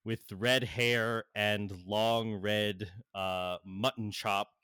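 Slow, low-voiced young man narrating a game. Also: level tone, bright, forceful tone, clean tone, no echo, clean studio sound. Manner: rambling, hesitant, many fillers. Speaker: game master. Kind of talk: narrating a tabletop game online.

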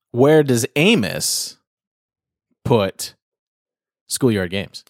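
A man's voice: mid-range voice, very animated, moderate pace, faint music behind. Guy hosting a chatty podcast game, teasing and laughing, bouncy voice. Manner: playful, teasing, laughs easily. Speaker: podcast host running a word game. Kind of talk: casual chat.

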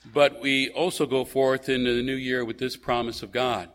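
This male pastor preaches at a normal speed with a medium-pitched, level, somewhat bright voice. His talk is conversational, full of hesitations, restarts and rhetorical questions.

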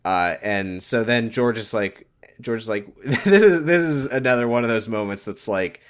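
A man's voice: on the low side, animated, moderate pace. A man co-hosting a podcast, recapping in a casual, rambling, sarcastic way. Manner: rambling, sarcastic, full of fillers. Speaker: podcast co-host.

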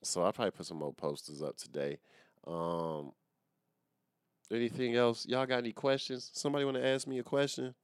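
A man's voice: mid-range voice, fairly quick, clean tone, no echo, studio quality. A young man hosting a casual solo podcast, rambling, swearing freely and mocking himself. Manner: rambling, profane and self-mocking. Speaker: podcast host.

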